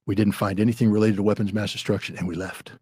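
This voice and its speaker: A man's voice: lowish voice, flat delivery, rapid-fire, a little mellow, husky, dry recording, clean studio sound. A man in his sixties, a former weapons inspector and podcast guest, telling a story bluntly and acting out the dialogue. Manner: blunt, vivid retelling with dialogue.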